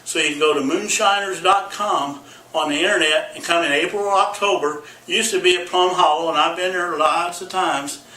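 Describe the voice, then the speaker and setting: A man's voice: fairly high pitch, fairly even intonation, normal speed, pushed and bright. A man giving a folksy, comic explainer, often whooping and making goofy sound effects, and checking in with okay after each point. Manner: hollers yeehaw and makes goofy sound effects; repeats okay often, teacher-like. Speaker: comedic vlogger. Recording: echoey room, voice far from mic.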